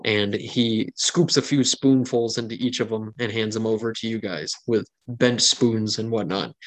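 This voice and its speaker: A man's voice: fairly low pitch, steady tone, normal speed, few pauses. A man narrating as game master, playful and chatty with many asides.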